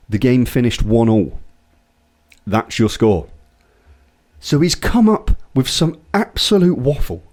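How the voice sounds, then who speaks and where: Lively, swearing man telling a story. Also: lowish voice, normal speed. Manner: animated storytelling, swears often, acts out voices in anecdotes. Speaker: podcast co-host. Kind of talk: casual chat.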